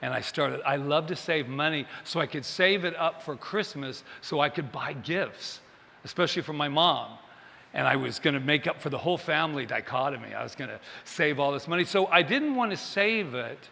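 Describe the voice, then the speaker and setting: Bright-voiced male minister in an echoing hall. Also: on the high side, expressive, moderate pace, vocal fry. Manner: chatty, jokes with the congregation, asks them questions. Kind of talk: Sunday sermon to a congregation.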